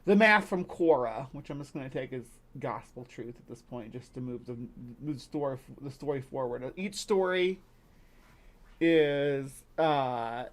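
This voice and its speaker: A man hosting a live stream, thinking out loud in a rambling, incredulous way as he comments on a story. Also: mid-range voice, animated, unhurried. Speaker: host.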